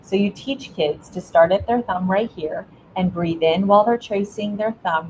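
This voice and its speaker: A woman's voice: mid-range voice, normal speed, hardly any pauses, lo-fi sound, a little hiss or hum. A middle-aged woman, an educator, answering interview questions with earnest parenting advice, often restarting her words. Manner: earnest, warm coaching tone with frequent restarts. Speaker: guest, educator.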